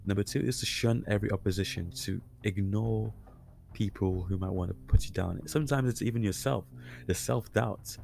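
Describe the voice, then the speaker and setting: Sitting low in pitch, this man's creaky, somewhat dark voice hosts a Christian podcast. He teaches conversationally and informally, with plenty of fillers and restarts.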